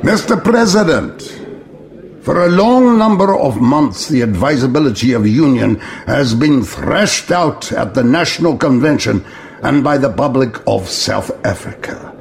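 Gravelly, formal statesman's speech. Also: mid-range voice, lively intonation, unhurried. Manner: formal, oratorical address. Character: formal male statesman addressing a convention. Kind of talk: documentary reading of a historical speech.

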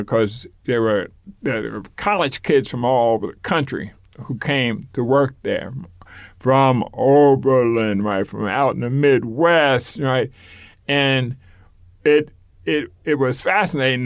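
A man's voice: mid-range voice, creaky, no echo, studio quality. An older man being interviewed for an oral history, reminiscing in a rambling way with repeated words and occasional chuckles.

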